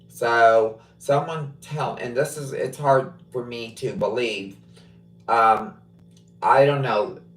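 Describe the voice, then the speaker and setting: A middle-aged truck driver ranting casually on a livestream, blunt and profane, with a lot of opinions about the trucking business. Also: male voice, mid-range voice. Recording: roomy sound from a distance off mic.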